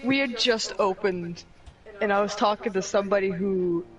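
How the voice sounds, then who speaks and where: A young woman chats over a shared game session, with an ordinary middle pitch. Her remarks come out dry and teasing, in easy back-and-forth banter. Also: normal speed, low-quality recording. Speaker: co-player. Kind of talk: casual chat while playing a game.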